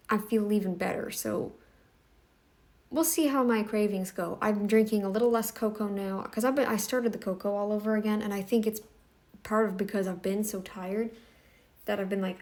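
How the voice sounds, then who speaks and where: A woman's voice: mid-range voice, a little mellow. Blunt scolding woman commentator. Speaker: reaction commentator. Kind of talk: casual commentary.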